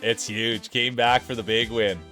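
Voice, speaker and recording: A man from Canada hosting a live stream, chatty and excitable, laughing often and calling people "dude". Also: mid-range voice, a little slow, soft background music. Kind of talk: casual live-stream commentary.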